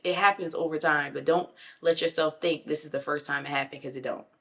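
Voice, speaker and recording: A woman with a somewhat low voice talks straight to her viewers in a casual motivational style. She is emphatic and conversational, slipping into quick acted-out quotes of other people and tossing in "you know what I'm saying.". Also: steady tone, fairly bright tone. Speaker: self-improvement vlogger.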